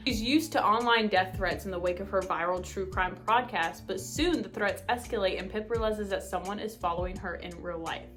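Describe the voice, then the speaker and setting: A bubbly young woman in her twenties chats about books, her voice lively and quick when she gets worked up. She gushes and piles on fillers in a casual, chatty way, with faint music playing underneath. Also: medium pitch. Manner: bubbly, gushing, full of fillers; speeds up when excited. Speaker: book vlogger. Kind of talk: casual chat.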